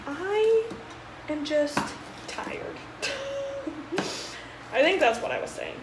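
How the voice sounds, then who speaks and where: A woman's voice: very high voice, big pitch swings, drawn-out words, background noise. A young woman in college filming a casual cooking vlog, chatty and self-deprecating, often exasperated at her own mishaps. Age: young adult. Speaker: college student vlogger. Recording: echoey room with clattering dishes.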